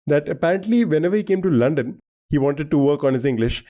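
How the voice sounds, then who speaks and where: Mellow man hosting a quiz. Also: fairly high pitch, lively intonation, quick pace. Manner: laughs often, gives clues patiently. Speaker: quiz host. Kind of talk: casual quiz chat.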